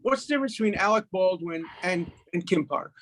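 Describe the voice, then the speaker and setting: A man in his eighties from Brooklyn, a guest telling jokes and stories in a lively, punchy way. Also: sits high, fast. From Brooklyn, USA. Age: 80s. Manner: lively raconteur, punchy delivery. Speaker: guest, lawyer. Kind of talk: animated storytelling, joke-telling chat.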